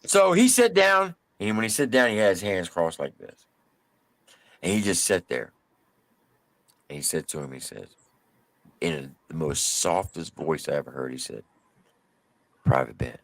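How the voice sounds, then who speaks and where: A man co-hosting a live stream, telling a story casually with drawn-out emphasis and mild cursing. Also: low-pitched, sing-song, a bit bright, no room sound.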